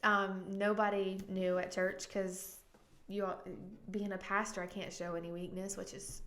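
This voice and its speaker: A woman's voice: medium pitch, level tone, a little slow, a bit bright. A woman pastor giving a candid, emotional personal testimony as a podcast guest, earnest and full of ums and likes. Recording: echoey room.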